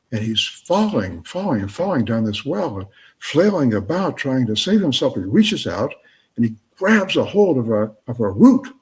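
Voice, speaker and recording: A man, an author, answering audience questions in a halting, chuckling way with plenty of fillers. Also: medium pitch, breathy edge. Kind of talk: live Q&A talk.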